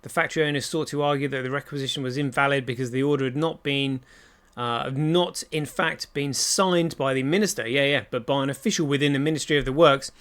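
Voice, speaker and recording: A man hosting a casual chat, agreeable, reading a passage aloud haltingly with many fillers. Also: medium pitch, steady tone, fairly bright tone, clean tone.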